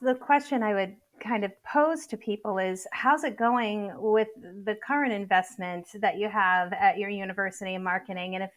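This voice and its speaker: Woman guest, Boston-Worcester accent, consultant, thoughtful, mid-pitched voice. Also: normal speed, few pauses. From central Massachusetts. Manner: thoughtful, some restarts. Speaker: marketing consultant. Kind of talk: interview answers.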